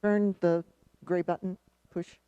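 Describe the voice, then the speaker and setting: A woman mayor chairing a town meeting, explaining a contract and calling on speakers in a measured, procedural way. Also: on the low side, little pitch movement, mellow, smooth, dry recording, lo-fi sound.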